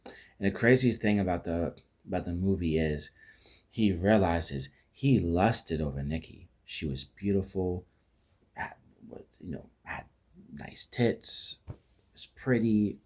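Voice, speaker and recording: A man's voice: low voice, animated, takes it slowly. A man giving a casual spoken film review, rambling with frequent restarts and fillers and acting out quoted lines as he retells scenes.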